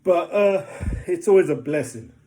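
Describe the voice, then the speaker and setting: A man giving a casual motivational talk, rambling and often asking if the listener knows what he means, getting animated in funny stories. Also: high voice, moderate pace. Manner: rambling, keeps asking "do you know what I mean". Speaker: motivational vlogger.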